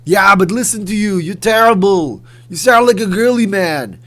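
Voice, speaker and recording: A man doing an impression of a famous bodybuilder turned action star, loud and teasing. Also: sits high, lively intonation, moderate pace, pitched above the performer's own voice. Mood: mocking.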